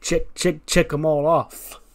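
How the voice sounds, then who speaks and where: A man voicing a cocky male wrestler who brags loudly and talks trash. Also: on the high side, level tone, slow pace, voice pushed up. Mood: swaggering. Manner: swaggering, loud bragging.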